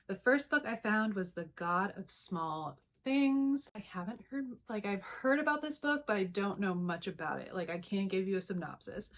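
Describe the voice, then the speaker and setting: A young woman chatting casually as she shows books to the camera, with lots of fillers and asides. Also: mid-range voice. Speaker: booktuber. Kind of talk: casual vlog chat.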